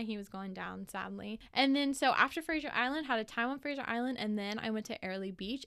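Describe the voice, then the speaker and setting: A young woman in her twenties chats about her travels in a loose, gushing way, swearing freely and stacking up "like" fillers. Her voice is clear and smooth, sitting at an ordinary middle pitch for a woman. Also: fairly bright tone. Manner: profane, gushing, lots of "like" fillers. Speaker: vlogger. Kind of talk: casual storytelling.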